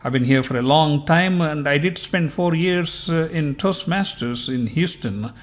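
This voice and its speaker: A middle-aged man with a part Indian, part American accent, hosting a pronunciation lesson and repeating each word slowly for emphasis. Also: on the high side. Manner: slow, deliberate, repeats words for emphasis. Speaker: host.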